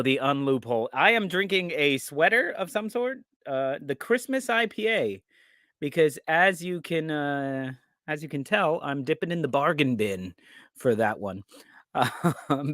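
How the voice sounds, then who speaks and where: Casting: American man as live-show host, a bit high-voiced, loose and chatty, dry close sound. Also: a bit bright, no room sound. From United States. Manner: laid-back, rambling, reads out viewer comments. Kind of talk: casual live-stream chat.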